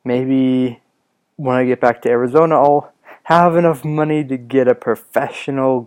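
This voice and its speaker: Raspy young man hosting a podcast. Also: mid-range voice, fairly even intonation, moderate pace, darkish tone. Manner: rambling, many ums and restarts. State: raspy from coughing. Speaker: podcast host. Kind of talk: casual solo podcast talk.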